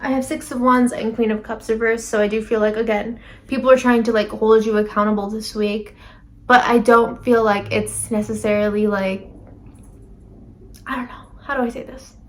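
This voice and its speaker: A woman's voice: a little high, steady tone, normal speed. A woman giving a casual tarot reading to camera, rambling with lots of fillers and self-corrections. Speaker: tarot reader.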